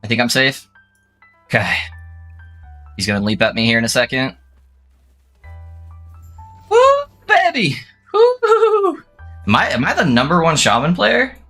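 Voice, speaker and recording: A young adult man streaming a game, chatting casually with viewers and breaking into excited whoops and laughs. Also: medium pitch, fairly quick, long pauses, soft background music. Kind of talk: casual gaming stream chat.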